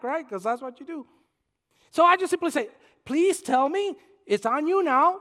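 A man from preaching a sermon in a church, telling a story that swings from soft asides to shouted climaxes. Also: very high-pitched, normal speed. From Puerto Rico. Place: church sanctuary. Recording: long hall reverb.

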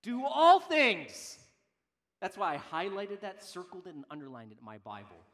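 A male pastor in his thirties preaching a sermon with a high, bright, ringing voice. He is emphatic, rising to loud declarations and then dropping to quiet, hushed asides. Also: sing-song, quick pace.

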